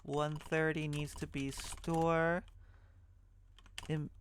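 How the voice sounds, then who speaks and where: Speaking very slowly in a fairly high, level tone, a male tutor works through assembly programming on a screen recording. He reasons out loud, fixes his own mistakes, and mutters side comments. There's slight background noise.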